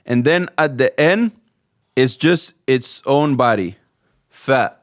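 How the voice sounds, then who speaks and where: Slow, patient male teacher. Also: medium pitch. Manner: patient, repeats each sound slowly. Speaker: Arabic teacher. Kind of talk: slow step-by-step lesson.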